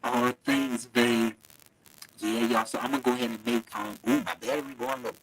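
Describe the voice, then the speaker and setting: A man in mid pitch chatting on a phone live stream, loose and affectionate with his viewers. He laughs often and keeps the talk casual over a faint background hiss. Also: steady tone, normal speed, low-quality recording. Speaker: livestream host. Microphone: phone mic, held too close at first.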